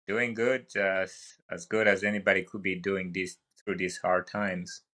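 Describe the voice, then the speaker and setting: A young man with an African accent appears as a guest on a casual podcast conversation, speaking as a wildland firefighter. His voice is low and bright, and he tells stories in a relaxed, halting way.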